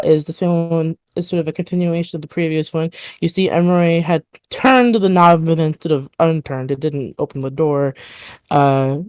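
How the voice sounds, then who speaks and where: A woman's voice: low-pitched, a little mellow, clear, resonant tone, dry recording. A woman narrating a tabletop game as game master, describing scenes in a hesitant way full of fillers.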